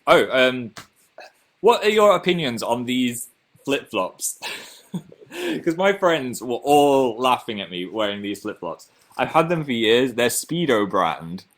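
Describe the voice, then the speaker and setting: A man's voice: mid-range voice, fairly bright tone. A young man with a Northern English accent, casually chatting on his own livestream and reading out viewer comments in a chatty, self-mocking way. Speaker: livestream host.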